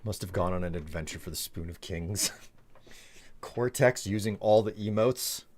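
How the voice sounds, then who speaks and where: A male streamer chatting casually to his live audience. His voice is low and his pace is slow, and he rambles along, chuckling and poking fun at himself. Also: a little mellow, slight background noise. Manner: rambling, chuckling, self-deprecating.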